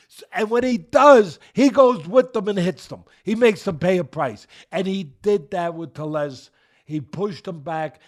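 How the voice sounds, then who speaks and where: An older man giving an emphatic, repetitive fight breakdown as co-host, at times dropping to a low mutter. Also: darkish tone. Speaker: boxing analyst co-host.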